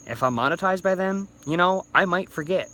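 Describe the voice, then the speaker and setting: A man's voice: sits high, brisk, sharp tone. A thirty-year-old man, a little drunk, rambling through a casual vlog rant with stumbling restarts and swearing, recorded on a phone. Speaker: YouTuber.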